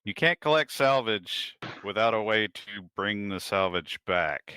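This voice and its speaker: A man's voice: on the low side, animated, measured pace, pushed and bright, clear, resonant tone, no room sound, studio quality. A man explaining his character's plans as a player in a tabletop game, matter-of-fact.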